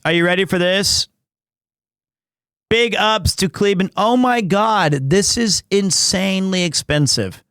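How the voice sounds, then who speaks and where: A man streaming live in casual chat, excitable, often breaking into shouts and laughter. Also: high voice, clear, resonant tone, dry recording, clean studio sound. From United States.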